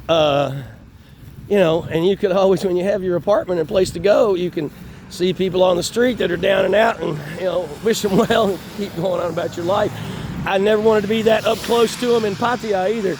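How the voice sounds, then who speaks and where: A high-pitched man, talking on and on, swearing freely and chuckling between thoughts. He sounds worn down by constant pain, and faint traffic hums behind him outdoors. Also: darkish tone. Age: 50s. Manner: profane, rambling, laughs between phrases. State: in chronic pain. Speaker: vlogger. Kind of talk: casual rambling monologue. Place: outdoors on an urban street.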